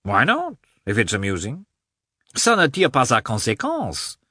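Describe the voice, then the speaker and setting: A man's voice: mid-range voice, wildly swooping pitch, measured pace, bright, forceful tone, husky, no room sound, clean studio sound, pitched above the performer's own voice, full character voice. A man voicing a worldly, jovial middle-aged nobleman who talks in a breezy, persuasive, lecturing way.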